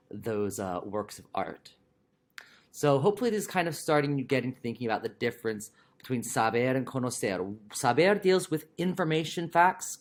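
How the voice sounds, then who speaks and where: A man teaching a recorded video lesson, his pitch swinging up and down as he explains. His tone is chatty and playful, and he breaks off now and then for quick asides to the viewer. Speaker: Spanish teacher.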